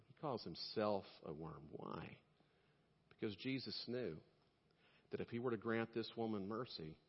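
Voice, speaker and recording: A male pastor preaching a sermon, telling stories and swinging between loud emphasis and quiet asides. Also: lowish voice, slightly rough, big-room sound, lo-fi sound.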